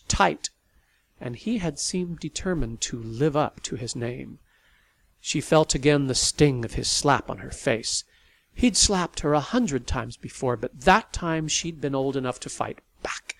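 A man narrating a novel in an expressive storytelling manner. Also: medium pitch, dry recording. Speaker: audiobook narrator. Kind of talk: scripted narration.

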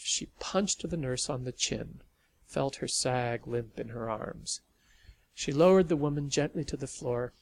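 A man reading a story aloud as an audiobook narrator, in a steady storytelling manner. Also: medium pitch, gravelly.

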